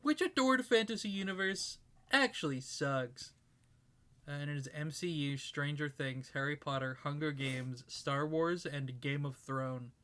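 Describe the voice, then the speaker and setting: Low-voiced, bright Canadian woman. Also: measured pace. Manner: teasing, deadpan. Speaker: podcast co-host. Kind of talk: casual chat, reading quiz questions aloud.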